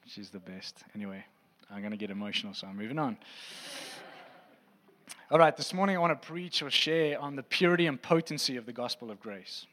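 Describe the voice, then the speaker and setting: A man's voice: mid-range voice, expressive, brisk, a bit bright, long reverb tail. A man preaching a sermon, earnest and heartfelt, with frequent fillers and restarts.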